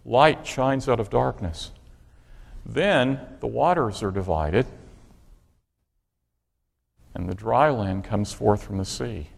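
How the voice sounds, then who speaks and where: A man preaches with an emphatic delivery, pressing his listeners with question after question. His mid-range voice carries a gravelly edge. The sound rings out in a long, echoing reverb. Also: fairly low pitch, animated, slow pace, pauses often. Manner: emphatic, asks the congregation rhetorical questions. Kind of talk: sermon.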